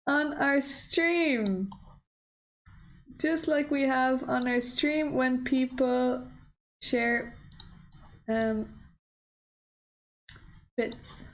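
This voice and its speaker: A young woman streaming a chess game, talking excitedly to her computer opponent, gasping and exclaiming at the moves. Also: sits high, extremely slow, pauses often. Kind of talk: casual live-stream chess play-by-play.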